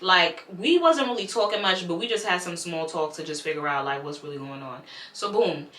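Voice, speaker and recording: A young woman tells a storytime with an animated, blunt delivery and swears freely. Her voice is bright and forward, and the room gives it a noticeable echo. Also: fairly low pitch, a little fast. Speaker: YouTuber telling a storytime. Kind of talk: casual storytime vlog.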